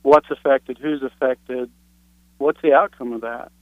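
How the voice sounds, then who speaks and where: A man's voice: mid-range voice, steady tone, measured pace, no echo, narrow, tinny audio. A man co-hosting a casual discussion, joking and then asking reflective questions. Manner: friendly, asks reflective questions.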